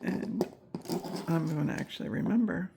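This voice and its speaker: A woman's voice: lowish voice, moderate pace, creaky, background noise. A woman teaching a crochet tutorial step by step, counting stitches aloud with chatty asides, and she has the hiccups. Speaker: crochet instructor.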